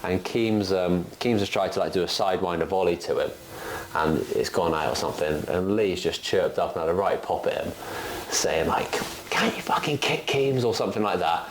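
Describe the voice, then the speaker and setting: A middle-aged man, a former footballer, telling an animated anecdote on a casual podcast, full of "like" fillers. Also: low voice, fairly quick, slight background noise.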